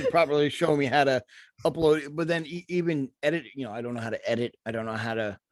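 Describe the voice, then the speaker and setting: A man's voice: a little high, a little fast, no room sound. A man chatting casually as a guest, hesitant and self-deprecating, often stammering. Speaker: podcast guest. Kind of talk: casual chat.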